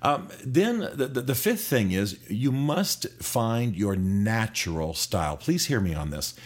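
A man's voice: on the low side, big pitch swings, unhurried, slightly rough. A man who coaches public speakers, giving earnest, conversational advice with firm emphasis. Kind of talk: advice talk to camera.

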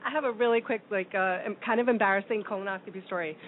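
Woman, from New York City, chatty storyteller, rapid, tinny phone line. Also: medium pitch, steady tone, a crowd in the background. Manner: chatty storyteller, many fillers. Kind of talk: casual talk show chat.

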